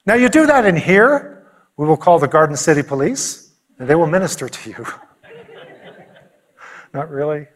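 A man preaching a sermon with a slightly high voice. He tells the story with animation and slips into the voices of the people in it, swinging between loud calls and soft asides. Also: a little slow, long pauses. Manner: animated storytelling, acting out quotes. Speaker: pastor.

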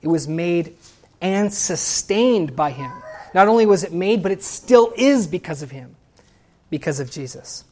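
A woman preaching a sermon, reading scripture and hymn lines aloud and building to loud, emphatic exclamations. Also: on the low side, animated, unhurried.

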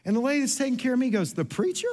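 A pastor with a notably high voice delivers his sermon in a loose storytelling mode. He is chatty and self-deprecating, restarts his sentences often, and acts out the people in his stories. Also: racing, a little mellow, slight background noise. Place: church sanctuary.

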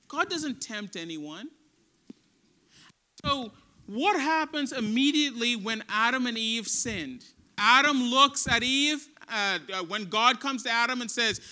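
A man's voice: very high-pitched, animated, normal speed, pushed and bright. A male pastor preaching an earnest, emphatic sermon in a conversational way.

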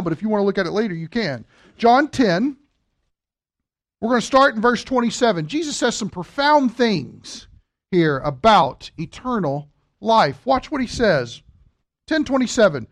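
A man preaching a sermon, teaching a Bible passage with emphatic repetition and questions to the congregation. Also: high-pitched.

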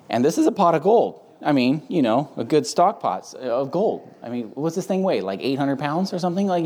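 A man hosting a casual Bible teaching chat, speaking emphatically with plenty of fillers. His voice sits at an ordinary middle pitch, and his conversational delivery mixes firm statements with relaxed asides.

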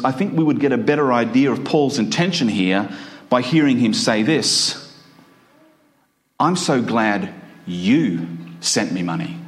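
A man preaching a sermon, explaining a scripture passage with earnest, deliberate emphasis. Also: mid-range voice. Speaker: pastor.

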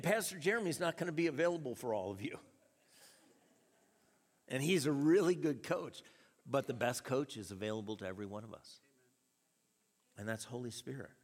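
A man preaching a sermon, telling a story with chuckles and an animated delivery. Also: mid-range voice, normal speed, pauses often. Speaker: pastor. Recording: reverberant hall.

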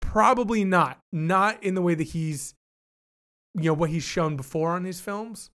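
A man's voice: high voice, measured pace, fairly bright tone, clear, resonant tone. A man co-hosting a podcast, talking things through in a thoughtful, hedging way with many restarts. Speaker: podcast co-host. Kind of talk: casual discussion.

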